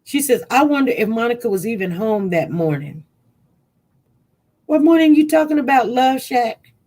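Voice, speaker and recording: A woman hosting a casual online talk show, chatting relaxed with a caller. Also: on the high side, normal speed. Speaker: host.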